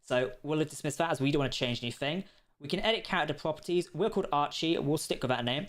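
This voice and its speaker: A man's voice: on the high side, fast, fairly bright tone. A man hosting a livestream of a video game, chatting casually and laughing often. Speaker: community manager hosting a livestream.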